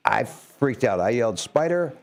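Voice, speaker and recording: A Midwestern American man hosting a radio show, telling stories in a lively voice that swings up and down. He jokes around in easy chat at a medium pitch, speaking from a studio mic. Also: fairly quick. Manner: animated storyteller, jokey.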